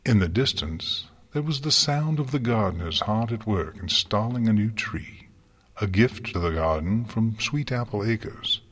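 A man narrating a story in a calm, measured reading style. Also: lowish voice, breathy edge. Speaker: audiobook reader.

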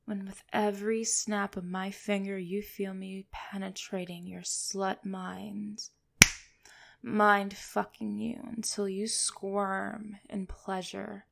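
A woman speaking in a commanding, teasing way for an erotic hypnosis role-play, breaking into soft low laughs. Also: level tone, slow, gravelly. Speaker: dominant hypnotist persona.

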